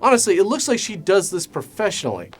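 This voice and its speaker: A man hosting a comedic movie review, with a slightly high and very lively voice. He delivers sarcastic, deadpan asides over faint background music. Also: fast.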